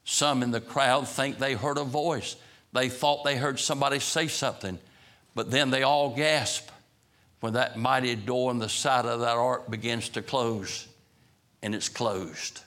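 A man's voice: mid-range voice, steady tone, measured pace, a bit bright. A man preacher retelling a story in a vivid sermon, building emphasis as he goes.

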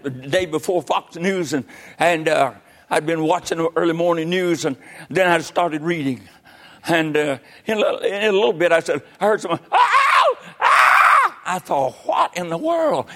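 An older man, preaching a sermon with folksy stories and sudden loud outbursts. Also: on the high side. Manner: folksy storytelling, bursts into loud exclamations.

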